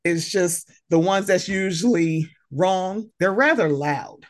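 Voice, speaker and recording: A woman hosting a podcast in casual chat, animated and sassy, acting out exchanges with people. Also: fairly low pitch, slow pace. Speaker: podcast host.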